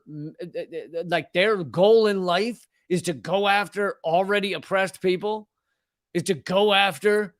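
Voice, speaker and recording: Brief: fired-up male comic host from the US South, high-pitched, dry and close. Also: fairly bright tone, no room sound. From Southern United States. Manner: fiery, stammering, profane. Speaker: comedian host. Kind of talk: comedic political monologue.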